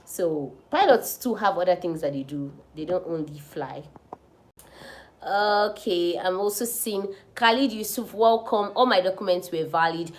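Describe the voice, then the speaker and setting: A woman's voice: on the low side, expressive, unhurried. A young woman pilot with a Nigerian accent, answering viewers' questions in a chatty, advising live stream. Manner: chatty, advising, laughs often. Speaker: pilot and channel host.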